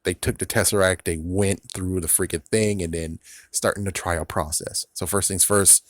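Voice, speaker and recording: Low-voiced man rambling in a casual review. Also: steady tone, moderate pace, no room sound, studio quality. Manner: rambling, profane, laughs often. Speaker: YouTube reviewer.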